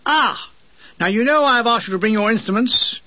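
A man's voice: extremely high pitch, brisk, dry recording, voice pushed up. A man voicing a pompous, fussy British army major with hearty bluster. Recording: dull lo-fi dry recording.

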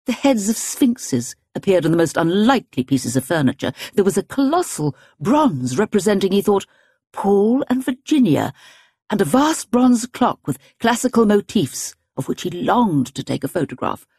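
A woman narrating an audiobook in a measured, expressive, wry manner. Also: medium pitch, slightly rough, no echo, studio quality.

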